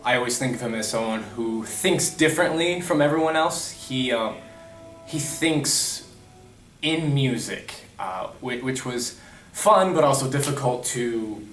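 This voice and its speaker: A young man, a stage actor, talking hesitantly with many pauses about his role. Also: mid-range voice, animated, a bit bright. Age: young adult. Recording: roomy, distant mic, faint music.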